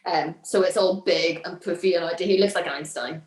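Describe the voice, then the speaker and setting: A woman, a violinist and violin teacher, telling lively stories with frequent laughter as a podcast guest. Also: on the low side, moderate pace, far from the mic. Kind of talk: casual chat. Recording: roomy echo.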